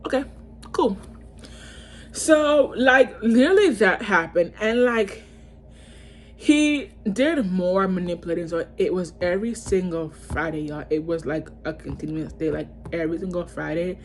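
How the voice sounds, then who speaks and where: A woman's voice: lowish voice, normal speed, darkish tone. A young woman vlogger telling a storytime, ranting heatedly with lots of cursing and repetition. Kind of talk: storytime rant.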